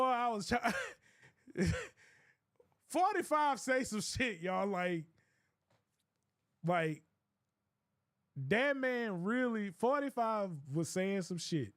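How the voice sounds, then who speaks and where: Rambling man, high voice. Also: a bit bright, no echo, studio quality. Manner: rambling, profane, laughing often. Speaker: streamer. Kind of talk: casual storytelling.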